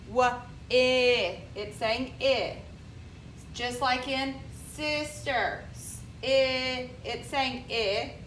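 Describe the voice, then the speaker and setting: A woman's voice: a little high, sharp tone, a little hiss or hum. Patient woman teacher in an echoey room. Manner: slow, patient, spells words letter by letter. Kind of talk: recorded classroom reading lesson.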